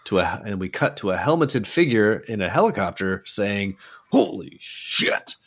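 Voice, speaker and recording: A man hosting a casual movie podcast, chatting in a relaxed, easygoing way and reading out scene descriptions. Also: fairly low pitch, moderate pace, slight background noise. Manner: relaxed, easygoing, trails off with fillers. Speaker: podcast host.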